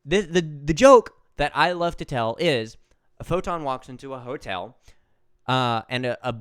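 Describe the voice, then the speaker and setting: A man's voice: mid-range voice, normal speed, clean tone, no echo, clean studio sound. A man co-hosting a podcast, telling a funny family story in a playful, casual way. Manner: animated, playful. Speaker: podcast co-host.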